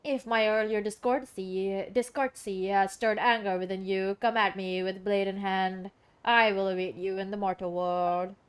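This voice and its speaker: A woman voicing an ancient cosmic watcher, reading game lines in a grand, slow, formal manner. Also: medium pitch, steady tone, smooth, natural voice. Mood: solemn. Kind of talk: reading game dialogue aloud.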